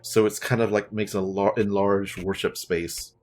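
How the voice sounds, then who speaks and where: A man runs a tabletop game, describing rooms and people in a relaxed, offhand way with plenty of fillers. His voice sits on the low side. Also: moderate pace, slight background noise. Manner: loose, casual narration with fillers. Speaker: dungeon master.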